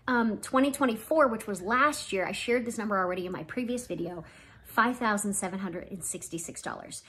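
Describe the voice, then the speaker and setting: A woman's voice: medium pitch, brisk, a bit bright, breathy edge. A woman who sells for a direct-sales company, from Canada, going over her spending figures year by year in a personal vlog. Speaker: MLM consultant.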